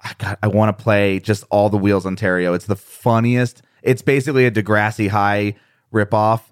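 A man's voice: lowish voice, steady tone, moderate pace, clear, resonant tone, dry recording. Man, american, podcast guest, casual chat, laughing often, dry close mic. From United States. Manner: laughs often, self-deprecating storytelling. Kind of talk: casual conversation.

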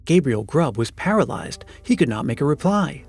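A man reading a classic story aloud in a measured, expressive narration. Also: a little high, vocal fry, husky. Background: faint music.

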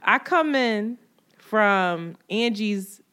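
A woman co-hosting a podcast in casual chat, an animated storyteller who swears freely and laughs often. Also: medium pitch, extremely slow, clear, resonant tone. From New York. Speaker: podcast co-host.

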